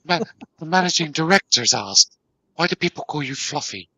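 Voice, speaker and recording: A man's voice: on the high side, animated, moderate pace, pushed and bright, slightly rough, no room sound, low-quality recording. A man chatting on a live stream, making wry, teasing jokes with his co-hosts. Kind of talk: casual chat.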